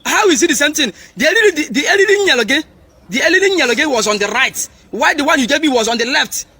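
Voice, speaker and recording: Irate Nigerian man, fast high voice. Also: animated, sharp tone, no room sound. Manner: irate, threatening. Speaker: angry customer in skit. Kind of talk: comedy skit phone call.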